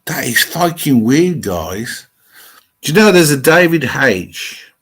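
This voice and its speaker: A man's voice: medium pitch, very animated, slow, a bit bright, husky. A middle-aged man with an English Midlands accent, hosting a live stream and chatting loosely with viewers' comments, rambling as he thinks aloud.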